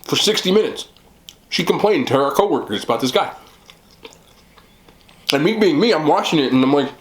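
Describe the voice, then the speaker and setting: A man hosting a mukbang, chatting casually while eating, talking in an animated way with loud bursts. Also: high voice, fairly quick. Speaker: mukbang host.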